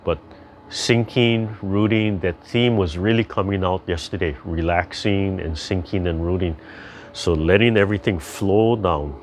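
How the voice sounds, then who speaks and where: An older man leading a tai chi class over a video call, chatty and gentle as he rambles through stories and calm instructions. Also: sits low, unhurried, slight background noise.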